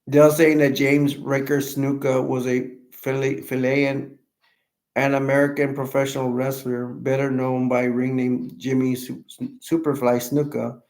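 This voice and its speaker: A man runs a live stream, chatting haltingly and rambling, often restarting and correcting himself, and he hiccups. His voice is medium in pitch with a level, darkish tone, and the sound is roomy.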